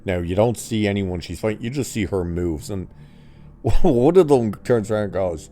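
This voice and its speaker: A man with a mellow, fairly low voice delivers a ranting episode review. He is sarcastic and mocking throughout and swears casually. His tone stays dark and relaxed, never bright. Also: normal speed. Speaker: TV review vlogger.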